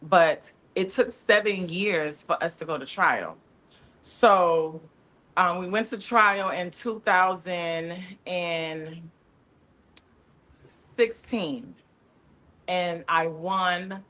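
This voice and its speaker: A woman's voice: fairly low pitch, very slow, long pauses, fairly bright tone. A woman talking candidly as a podcast guest, chatty and open, often calling people "honey". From Miami area. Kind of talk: casual chat.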